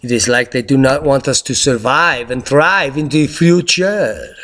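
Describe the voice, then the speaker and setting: A man hosting a news update, giving casual commentary over clips in an excitable, sarcastic way with sudden loud outbursts. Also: medium pitch, unhurried, slight background noise. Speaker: host of a news update channel.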